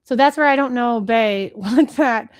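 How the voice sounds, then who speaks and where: A woman in her thirties hosting a live marketing webinar from her computer, talking fast and rambling, self-deprecating, now and then trying silly voices. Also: on the high side, clean tone. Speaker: webinar host, marketing speaker. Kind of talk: casual live webinar talk. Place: home office, talking to a computer.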